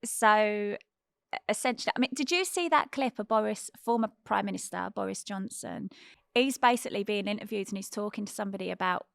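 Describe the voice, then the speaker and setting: A woman co-hosting a casual current-affairs chat, lively and frank. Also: mid-range voice, brisk, gravelly, dry recording, clean studio sound. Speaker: co-host.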